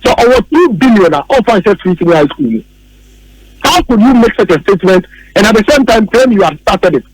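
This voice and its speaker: A Ghanaian-accented man delivers heated political commentary in a high, ringing voice. He hammers his points home, repeating phrases and mocking opponents, and the studio sound is close and dry. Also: very animated, a little fast, no echo, poor audio. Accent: Ghanaian English. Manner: emphatic, repeats key phrases, mocks opponents.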